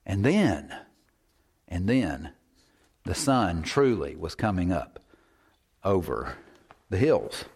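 A man's voice: sits low, sing-song, slow, pauses often, darkish tone, slightly rough. A man preaching a sermon, repeating phrases for emphasis and at times dropping to a whisper.

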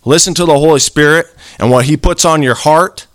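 A man's voice: a little high, brisk, a bit bright, no echo. A man preaching a sermon in an earnest, conversational way, acting out little quoted exchanges.

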